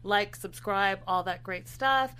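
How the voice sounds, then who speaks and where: A woman's voice: medium pitch, takes it slowly, pushed and bright, clear, resonant tone. A woman co-hosting a casual TV talk show, speaking upbeat and straight to the viewers. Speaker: co-host.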